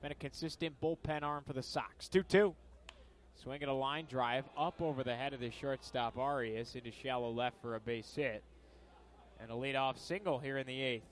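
A young man from upstate New York calling baseball play-by-play from a ballpark broadcast booth, lifting his voice on each pitch and chatting between plays. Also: steady tone, moderate pace. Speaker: play-by-play announcer.

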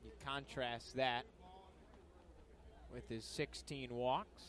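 Young man, from upstate New York, baseball play-by-play announcer, booth, mid-pitched voice, energetic on pitches. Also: takes it slowly, slight background noise. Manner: calls pitches with bursts of energy, chatty between plays. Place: broadcast booth at a ballpark.

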